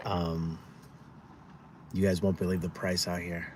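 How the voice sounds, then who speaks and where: A man's voice: low-pitched, flat delivery, moderate pace, long pauses. A man chatting casually to viewers on a live food vlog, rambling with asides to his dog, outdoors and in his car. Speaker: food vlogger. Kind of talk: casual live-stream chat. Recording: noisy outdoor traffic background.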